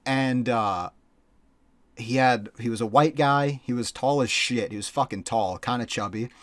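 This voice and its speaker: A man's voice: mid-range voice, a little slow, fairly bright tone, dry recording. A young man co-hosting a podcast and telling a story in a casual, rambling way, swearing a lot and filling his talk with "like" and "dude". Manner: profane, rambling, full of fillers. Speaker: podcast co-host.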